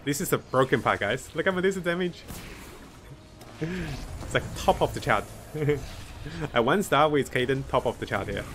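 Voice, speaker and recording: A man's voice: medium pitch, moderate pace, fairly bright tone, slight background noise. A man streaming a strategy game, thinking his moves aloud, greeting viewers and chuckling often. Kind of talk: live gameplay commentary.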